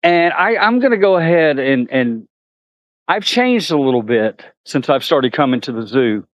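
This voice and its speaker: A man's voice: fairly high pitch, big pitch swings, normal speed, no room sound, highs cut off. A man vlogging outdoors at a zoo, chatting to viewers and talking to the animals. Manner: chatty, laughs often, talks to animals. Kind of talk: casual chat to viewers.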